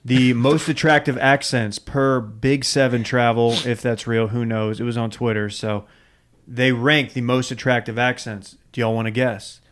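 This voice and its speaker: Relaxed male podcast co-host. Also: medium pitch, normal speed. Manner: relaxed, reading out a list, joking. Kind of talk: casual chat.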